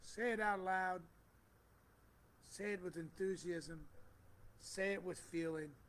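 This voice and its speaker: A man's voice: high-pitched, takes it slowly, low-quality recording. A man, a spiritual teacher, speaking fervent, repetitive affirmations and greeting viewers of his live stream. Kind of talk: spoken affirmations and comment greetings. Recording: steady background noise.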